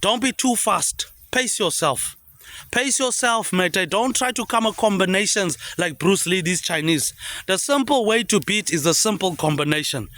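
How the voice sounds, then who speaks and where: A man delivering a rambling, repetitive monologue, tagging lines with a low "mate, eh". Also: expressive, normal speed, pushed and bright, no room sound. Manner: repetitive, trailing "mate, eh" tags dropped low. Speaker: vlogger.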